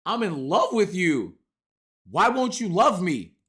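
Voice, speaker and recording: A man's voice: sits high, sing-song, slow, full character voice. A male streamer reading aloud, voicing a clingy, obsessed male superfan with pleading, overwrought delivery. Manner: pleading, overwrought, then shouting in anger.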